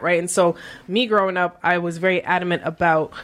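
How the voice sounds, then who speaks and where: Candid Canadian woman, lower voice. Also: brisk. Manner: candid, animated storytelling with slang. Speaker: guest, author and property manager. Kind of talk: casual panel chat.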